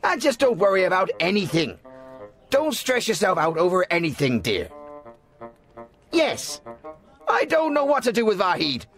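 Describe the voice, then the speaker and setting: A man's voice: sits high, very animated, normal speed, pauses often, fairly bright tone, soft background music, exaggerated voice. An actor dubbing an anxious man who soothes and reassures the person he talks to while hiding his own troubles. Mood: reassuring. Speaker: shopkeeper. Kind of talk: dubbed film dialogue.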